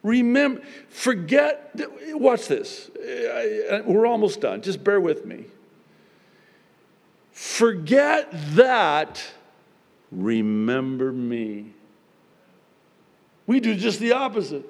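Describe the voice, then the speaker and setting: A male pastor delivering a sermon in a church sanctuary with a long, ringing hall reverb. His voice is gravelly and fairly high, and it rises and falls in lively, sweeping arcs. He preaches slowly and deliberately, shifting between loud exclamations and hushed prayer.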